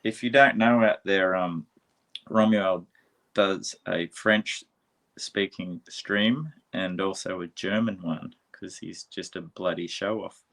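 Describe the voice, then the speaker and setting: A man hosting a casual interview, chatty and quick to laugh. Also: sits low. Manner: chatty, laughs often, animated asides. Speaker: host. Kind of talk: casual video-call interview.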